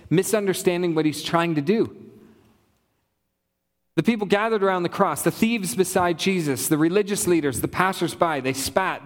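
A man's voice: a little high, in a large hall. A man preaching a sermon as pastor, earnest and building his points through repetition.

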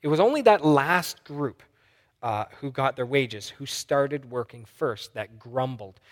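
A man preaching a sermon, telling a story with lively acted-out voices. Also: mid-range voice, measured pace, big-room sound. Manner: animated storytelling, acting out voices. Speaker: pastor.

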